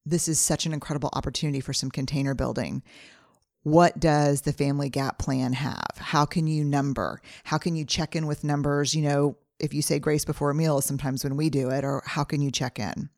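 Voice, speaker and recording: A middle-aged woman, host of a reflective solo podcast, moves a little fast through a numbered family plan, listing steps with earnest, personal anecdotes from home. Her low, slightly mellow voice keeps a fairly even intonation. Clean studio sound without echo.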